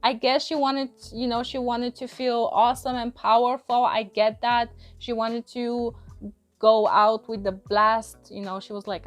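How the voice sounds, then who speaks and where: A woman with a slightly high voice talks through a film review in a loose, rambling way, often exasperated, laughing and restarting her sentences. Faint music plays under her voice. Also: flat delivery, measured pace. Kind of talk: casual spoken movie review.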